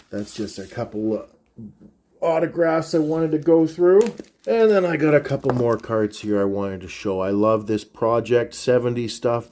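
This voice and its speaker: A man gushing excitedly in a casual vlog as a sports card collector, with sudden bursts of shouting. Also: lowish voice. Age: 30s. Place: room at home. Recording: roomy echo, mic at a distance, faint music.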